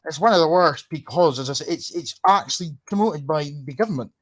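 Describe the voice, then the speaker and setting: A man's voice: a little high, expressive, quick pace, fairly bright tone. A Scottish man hosting a casual chat, rambling and sweary, with heated remarks.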